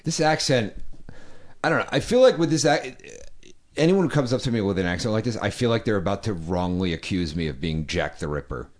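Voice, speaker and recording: Deadpan low-voiced man, co-host. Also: fairly quick. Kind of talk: casual podcast chat.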